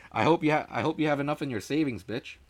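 A man from Canada co-hosting a casual podcast, telling a story in an animated rant full of swearing and acting out both sides of a phone call. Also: on the high side, fairly quick, noisy background. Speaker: podcast co-host.

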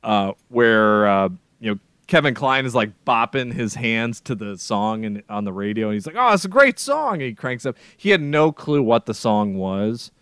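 A man co-hosting a podcast, chatting casually about films in a rambling, animated way with lots of restarts. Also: lowish voice, moderate pace, hardly any pauses, clean tone, no room sound, studio quality. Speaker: podcast co-host. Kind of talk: casual film chat.

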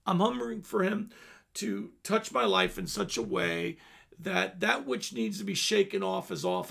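A man's voice: high voice, gravelly, a bit bright. A man in his fifties preaching an earnest sermon, dropping at times to near-whispers. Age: 50s. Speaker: pastor.

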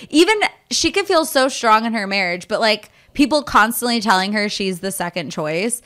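A woman's voice: on the high side, animated, normal speed, hardly any pauses, a bit bright. A young woman co-hosting a podcast, chatting casually and animatedly, swearing freely and acting out what others might say. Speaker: podcast co-host. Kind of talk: casual chat.

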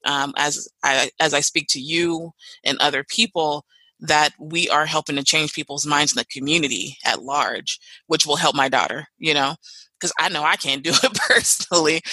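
A podcast host speaking earnestly and expressively, who becomes animated when telling stories. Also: mid-range voice, no room sound, rough recording. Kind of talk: conversational interview.

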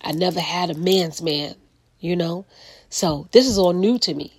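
Chatty woman with husky, lower voice. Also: moderate pace, no room sound. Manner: chatty, many fillers and restarts, laughs often. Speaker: podcast host. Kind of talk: casual relationship talk.

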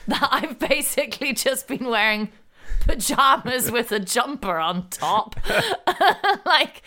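A woman's voice: on the high side, a little slow, sharp tone. Impassioned Northern Irish woman ranting. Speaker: podcast co-host, teacher. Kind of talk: casual chat about news.

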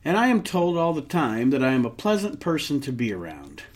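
A man co-hosting a podcast who talks in an animated, lively way, his pitch swinging up and down as he rants. He swears freely, restarts his sentences and pokes fun at himself in casual chat. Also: a little fast. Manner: ranting, self-mocking, swears freely; many restarts and trailing off. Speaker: podcast co-host.

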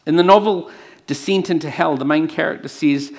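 A man preaching a sermon and telling a personal story, earnest, moving between hushed lines and emphatic ones. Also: on the high side, a little fast. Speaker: pastor.

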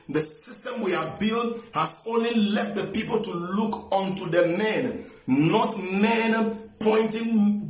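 A man's voice: high voice, reverberant, rough recording. A man preaching a sermon, repeating key phrases emphatically and often restarting his sentences.

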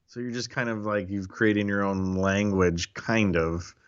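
A man's voice: fairly low pitch, a little slow, smooth, lo-fi sound. A man co-hosting a podcast in casual chat, reacting with amazed remarks and laughing a lot. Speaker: podcast co-host.

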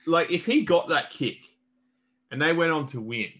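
A young Australian man co-hosts a podcast, chatting casually and bluntly about sport with a bit of swearing and plenty of restarts. His voice is fairly high and fairly bright, animated, at a normal speed.

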